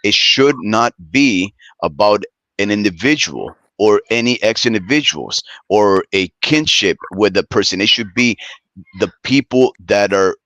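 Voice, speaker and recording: A man with a fairly low voice talks through his views on a casual podcast. He rambles and circles back as he explains, recorded dry and close with little room sound. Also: fairly bright tone, no echo, lo-fi sound. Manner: rambling, many fillers and restarts, explanatory. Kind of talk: casual boxing talk.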